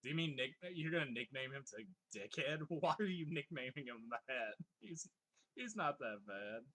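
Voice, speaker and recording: A man's voice: mid-range voice, expressive, moderate pace, sharp tone. A man casually commenting on his gameplay and reading chat aloud, swearing freely, laughing often and joking in mock exasperation. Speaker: live streamer.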